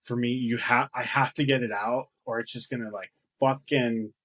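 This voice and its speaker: A man's voice: mid-range voice, steady tone, moderate pace, fairly bright tone. A man co-hosting a casual podcast chat, loose and jokey, swearing and laughing often. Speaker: podcast co-host.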